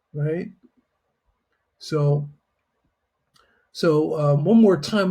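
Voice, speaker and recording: A man's voice: a little high, dark tone, slightly rough. A man teaching a Chinese lesson in a patient, explanatory way, often checking in with "right?". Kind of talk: online language lesson.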